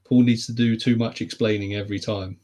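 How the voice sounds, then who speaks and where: A man's voice: on the low side, flat delivery, a little fast, darkish tone. Guy co-hosting a podcast, jokey and teasing, laughs a lot, swears here and there. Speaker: podcast co-host. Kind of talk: casual chat.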